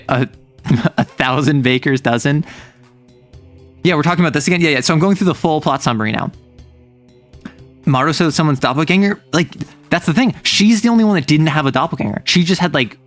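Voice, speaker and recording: A man livestreaming in a casual chat, retelling a manga plot with jokes and playful asides. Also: on the high side. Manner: animated, joking, with playful asides.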